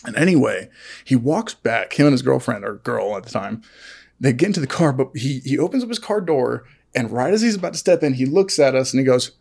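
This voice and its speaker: A man co-hosting a casual podcast, telling stories in an animated way with lots of laughter. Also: brisk, gravelly. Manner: animated, laughing, jumps to high-pitched acted quotes. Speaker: podcast co-host. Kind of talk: casual storytelling chat.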